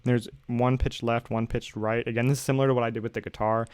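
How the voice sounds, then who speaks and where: A young man, a music producer, casually narrates a tutorial on how he made his song while it plays underneath, with crowd noise around him. His medium-pitched voice is flat and fast, laid-back and full of fillers, especially "like."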